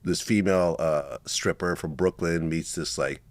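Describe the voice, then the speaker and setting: Dry-sounding man hosting a relaxed interview. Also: low-pitched, normal speed, dry recording. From Russia. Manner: laid-back, leans heavily on fillers like "like" and "you know". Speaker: interview host. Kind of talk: casual interview chat.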